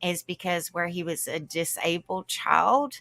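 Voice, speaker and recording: Lady chatting on her livestream, bright higher voice, dry close sound. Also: measured pace, creaky, no echo. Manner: warm greetings to viewers, calling them honey and sister, laughing often. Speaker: livestream host. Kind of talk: casual livestream chat.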